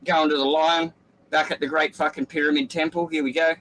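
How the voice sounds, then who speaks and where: A man's voice: on the high side, brisk, lightly acted, rough recording. Dumb stubborn donkey, man putting him on, raised voice, just keeps saying no. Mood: complaining. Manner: flat, stubborn contradicting. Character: stubborn dim-witted male donkey.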